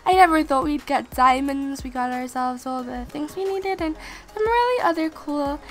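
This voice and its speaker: A sick woman giving excitable let's-play gameplay commentary as a channel host, gasping and exclaiming and talking straight to her viewers. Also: sits high, normal speed, soft background music. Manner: excitable, gasps and exclaims, addresses viewers directly.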